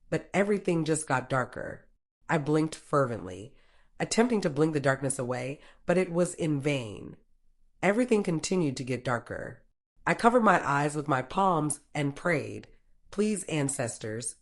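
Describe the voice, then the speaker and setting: Woman, low-pitched, storyteller, first-person narration, steady, plain, profane.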